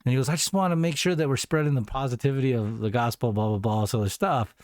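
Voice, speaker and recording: A man co-hosting a podcast, telling a story with deadpan jokes in casual chat. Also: mid-range voice, quick pace, dry recording, clean studio sound. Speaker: podcast co-host.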